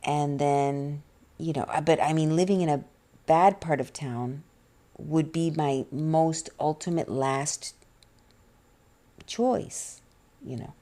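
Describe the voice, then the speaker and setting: A middle-aged woman talking about her life in a rambling, halting way, near tears, full of restarts and fillers. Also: low voice, fairly even intonation, warm tone. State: tearful, on the verge of crying. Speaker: vlogger. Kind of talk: personal confessional vlog, soft-spoken.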